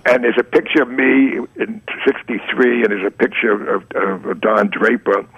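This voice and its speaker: A man's voice: mid-range voice, moderate pace, gravelly, slightly rough. A man in his eighties, a guest on a radio interview, telling stories and acting out old conversations. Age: 80s. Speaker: guest, advertising art director. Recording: lo-fi radio recording.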